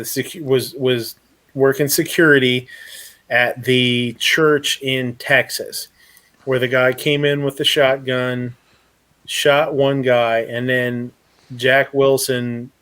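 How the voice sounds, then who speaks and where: A man's voice: medium pitch, a bit bright. Rambling casual male podcast host. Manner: rambling, filler-heavy, blunt. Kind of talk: casual live chat.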